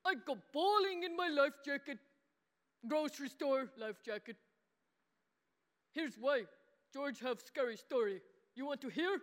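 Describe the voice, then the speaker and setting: A high, childlike boy puppet. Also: unhurried, long pauses. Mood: earnest childish. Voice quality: broken childlike grammar, speaks of himself by name. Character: childlike boy puppet, simple-minded and earnest. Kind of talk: children's sermon puppet show. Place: church hall. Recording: long church-hall reverb.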